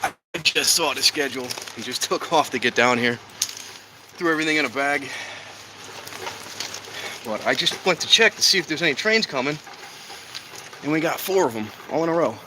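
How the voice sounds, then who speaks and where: Rambling, out-of-breath male streamer outdoors, background noise clearly audible. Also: on the high side, lively intonation, normal speed, long pauses. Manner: rambling, self-deprecating, thinking aloud. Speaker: train-watching streamer. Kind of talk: casual live-stream chat. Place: outdoors at a train station in rain. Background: outdoor ambience, clear background noise.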